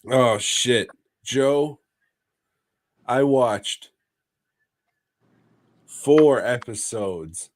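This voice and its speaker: A podcast co-host, a man with a low voice, speaks slowly as he rambles through stories in casual, profane chat. The recording is close and completely dry, with no echo.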